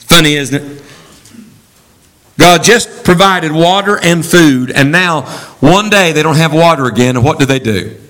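A man preaching a sermon as a traveling preacher, leading the congregation in call-and-response. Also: rough recording. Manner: animated, swooping pitch for emphasis.

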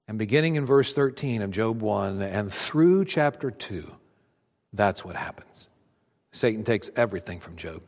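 A man preaching a sermon with animated delivery, acting out voices of the figures he tells about. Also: mid-range voice, measured pace, big-room sound. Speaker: pastor.

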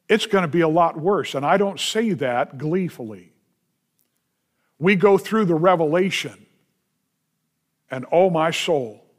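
A male pastor preaching a sermon, with emphatic delivery, repeated refrains and rhetorical questions. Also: fairly high pitch.

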